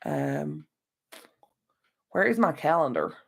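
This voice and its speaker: A man's voice: fairly high pitch, moderate pace. A man with an Irish accent hosting a casual live stream from home, tired and yawning, rambling and talking straight to his viewers through an external microphone. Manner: rambling, chatty, talks to viewers directly. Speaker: channel host.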